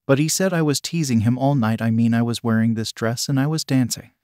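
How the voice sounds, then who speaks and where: A man's voice: medium pitch, brisk, dark tone, dry recording, clean studio sound, close to an everyday voice. A man reading the part of a frightened, tearful young woman in a weak voice. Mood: fragile. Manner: weak, shaky.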